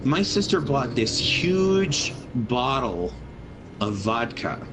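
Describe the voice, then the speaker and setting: A man's voice: medium pitch, big pitch swings, slow, background noise. A man in his twenties, a gaming streamer, telling a rambling, profane story over his gameplay.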